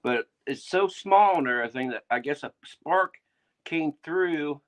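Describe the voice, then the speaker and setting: A man's voice: a little high, expressive, unhurried. A man joining a casual livestream, explaining in a plain, rambling way and padding his sentences with filler phrases.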